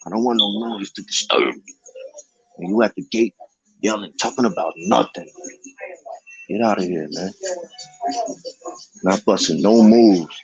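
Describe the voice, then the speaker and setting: A vlogger rambles through a casual monologue in slangy street talk, restarting often, at a measured pace with long pauses. He belts out a greeting catchphrase in sing-song high calls, and the sound is lo-fi.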